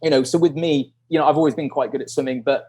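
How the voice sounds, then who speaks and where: A British man in his thirties, a guest calling in by video, telling stories in a lively way, laughing and acting out what others said. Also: mid-range voice, fast. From United Kingdom. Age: 30s. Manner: animated, laughing storyteller who acts out quotes. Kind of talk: casual interview storytelling. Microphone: video call.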